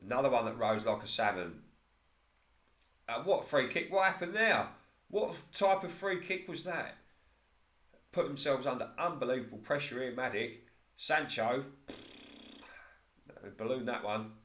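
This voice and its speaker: Here a man casually calls the action of his own football management game, thrilled by near misses and laughing when he slips up. His mid-range voice moves at a measured pace with long pauses, and the sound is reverberant.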